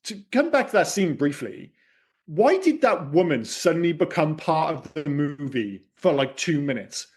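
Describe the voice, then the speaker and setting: This is a man co-hosting a casual movie podcast. His voice sits a little higher than most men's. He talks in a lively, rambling way and swears freely. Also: normal speed. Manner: animated, chatty, swears casually. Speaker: podcast co-host. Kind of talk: casual film podcast chat.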